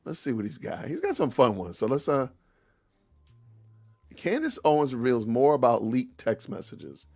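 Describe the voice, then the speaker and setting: A man's voice: mid-range voice, sing-song, normal speed, a little mellow, dry recording, soft background music. A man hosting a podcast livestream, chatting casually in an easygoing way with many fillers, close to his streaming mic. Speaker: podcast host.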